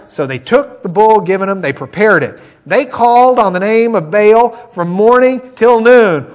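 A man teaching a sermon, telling a Bible story with animated acted-out quotes. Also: high voice, normal speed.

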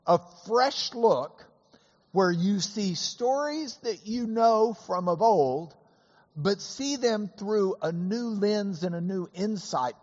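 Casting note: hoarse, husky male teacher, slightly high voice, chatty anecdotal delivery, dull lo-fi hall sound. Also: darkish tone. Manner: chatty anecdotal storyteller with many fillers. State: hoarse from illness. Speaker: Bible class teacher. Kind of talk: storytelling lesson.

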